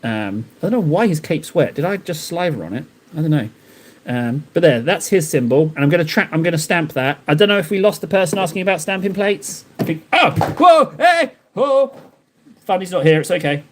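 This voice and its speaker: Male streamer, fairly high voice, rambling and joking with chat as he paints. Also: lively intonation, a little fast, slight background noise. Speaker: live streamer painting miniatures. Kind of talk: casual live-stream chat while painting.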